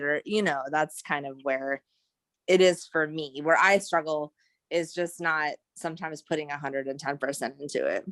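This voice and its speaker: A woman's voice: low voice, normal speed, fairly bright tone, dry recording. A woman in a class who talks loosely and rambles, with a lot of "like" and "you know". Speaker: trainee agent. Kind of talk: class discussion.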